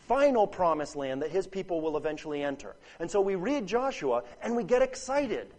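High-voiced man preaching a sermon. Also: darkish tone, low-quality recording. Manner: earnest, emphatic, repeats phrases, asks "Right?" to listeners.

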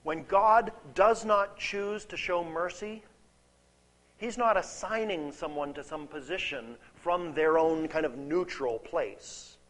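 A man's voice: on the high side, slow pace, a bit bright, poor audio. A man giving an expository Bible teaching in a conversational way, repeating key words for emphasis and checking in with his listeners. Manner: conversational, checks in with "okay?" and "right?".

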